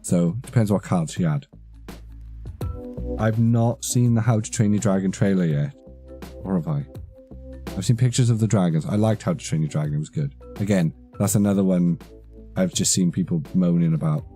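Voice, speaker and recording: A man in his thirties chats on a live stream, rambling and swearing as he goes. His voice sits low and mellow, and faint music plays behind him. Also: normal speed. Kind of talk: casual live-stream chat.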